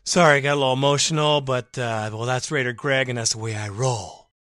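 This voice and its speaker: A man hosting a sports fan podcast, giving an emphatic, rallying and sarcastic monologue that breaks into loud bursts. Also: medium pitch, fairly even intonation, a little fast. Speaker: podcast host.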